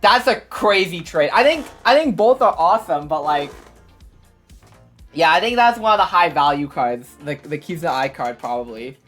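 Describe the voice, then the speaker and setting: Woman streamer, lower register, chatty and filler-heavy, faint music bed. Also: normal speed. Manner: rambling, filler-heavy, excitable. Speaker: VTuber streamer. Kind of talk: casual stream recap. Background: faint background music.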